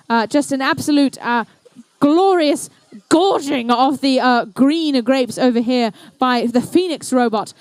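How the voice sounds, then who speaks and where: High-voiced playful New woman commentator. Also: no echo, studio quality. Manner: playful, chatty, upbeat. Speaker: event commentator. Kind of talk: live competition commentary. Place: indoor competition venue.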